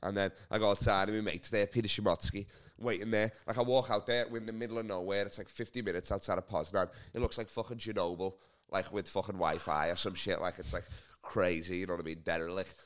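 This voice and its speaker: A man's voice: low-pitched, steady tone, quick pace. A young man telling a rambling story in casual chat, swearing a lot and using many fillers.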